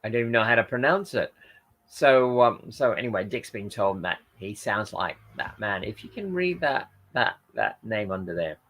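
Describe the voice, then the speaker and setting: On the low side but animated and fairly bright, this man's voice moves at normal speed. He's a tired livestream host reading viewer comments in casual chat, rambling with frequent hesitations, fillers and self-corrections.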